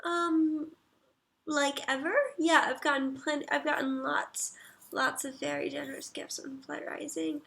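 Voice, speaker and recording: High, gravelly-voiced woman streamer. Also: level tone, unhurried. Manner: reads viewer comments aloud and murmurs soft asides. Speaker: livestreamer. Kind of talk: casual livestream chat.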